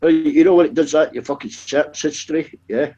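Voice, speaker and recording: An older grandfather type, talking over a dull, lo-fi voice chat mic. His voice is mellow and dark, full of swearing and chuckles. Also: on the high side, a little fast. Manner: swears a lot and laughs at his own stories. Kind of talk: casual voice chat.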